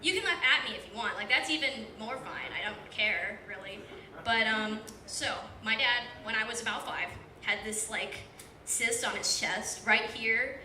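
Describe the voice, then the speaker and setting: A woman's voice: on the high side, unhurried, bright, forceful tone. An eighteen-year-old woman telling a rambling, self-deprecating story at a stand-up open mic, full of filler words. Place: small comedy club, live audience. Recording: distant, echoey club room with background noise.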